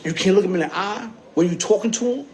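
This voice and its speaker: A man's voice: high-pitched, fast talker, darkish tone. A man talking casually on a livestream in streetwise slang, often tagging on "you heard?". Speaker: livestream host. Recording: phone screen-recorded livestream.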